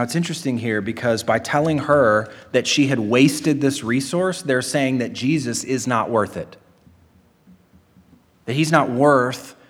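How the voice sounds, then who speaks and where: A man preaching a sermon in an earnest, emphatic way, asking rhetorical questions and answering them. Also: medium pitch. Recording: long hall reverb.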